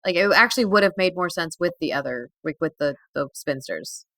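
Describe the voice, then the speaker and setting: Woman co-host, bright and animated, quick reactions, dry mic. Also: on the low side, no room sound. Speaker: podcast co-host. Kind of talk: casual TV recap chat.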